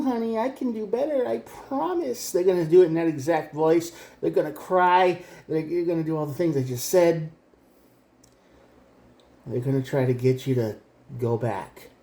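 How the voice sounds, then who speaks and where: A man's voice: mid-range voice, warm tone. A man giving a tarot reading straight to the viewer, blunt and emphatic. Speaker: tarot reader. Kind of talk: direct-to-camera tarot reading. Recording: echoey room.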